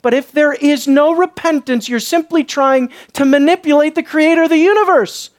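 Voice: sits high, moderate pace. A preacher delivering a sermon, repeating key lines and pressing the listeners with rhetorical questions. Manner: rhetorical questions and emphatic repetition.

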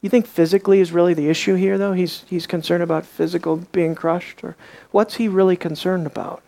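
Woman bible teacher, sermon style, gets loud and high when she acts out the quotes. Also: fairly quick. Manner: animated, acts out quotes with rising pitch and volume.

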